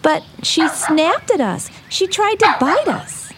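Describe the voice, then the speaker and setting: A middle-aged woman playing a caring, patient mother who gently teaches her son, in a radio drama. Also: extremely high pitch, big pitch swings, takes it slowly, heavy background noise, full character voice.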